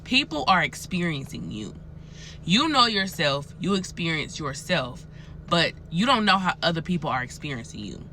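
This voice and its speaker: A vlogger telling a personal story straight to viewers in an animated, advice-giving way. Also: slight background noise. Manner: animated, swings high when excited. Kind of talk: casual storytelling vlog.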